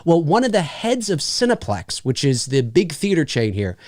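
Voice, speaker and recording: A middle-aged man hosts a loose chat and spins animated stories, full of restarts. His voice sits a little high and swings widely in pitch. The sound is close and dry. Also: normal speed, no echo. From Canada. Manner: animated storyteller, many restarts and laughs. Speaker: host. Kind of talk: casual chat.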